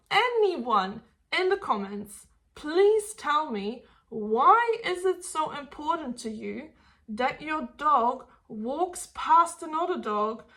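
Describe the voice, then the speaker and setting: A woman's voice: sits high, pushed and bright. A woman dog trainer speaking her mind in a vlog, blunt and exasperated, swearing casually as she argues her point. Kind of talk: opinionated talking-head vlog.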